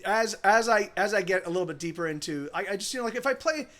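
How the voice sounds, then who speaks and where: A man's voice: high-pitched, lively intonation, quick pace, sharp tone. A man streaming live as a musician, chatting casually between songs in a rambling way with many restarts. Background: guitar playing.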